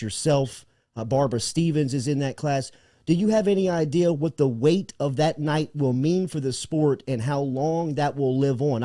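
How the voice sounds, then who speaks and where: A man's voice: medium pitch, warm tone, no echo. A man hosting a sports talk show, enthusiastic and jokey in a casual chat. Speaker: radio show host.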